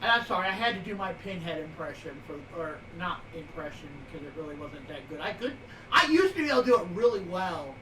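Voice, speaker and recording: A streamer in their forties co-hosts a live show, rambling casually through wrestling news with plenty of filler words. The mid-range voice is expressive and quick, recorded in a roomy space far from the mic with faint noise.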